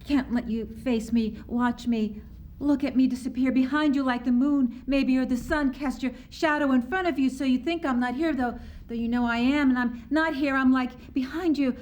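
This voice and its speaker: A woman's voice: high voice, moderate pace, a little mellow, close to an everyday voice. Woman playing a stammering, apologetic survivors' son. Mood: apologetic, nervous. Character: nervous apologetic adult son of Holocaust survivors. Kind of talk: dramatic poetry performance. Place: live performance on stage.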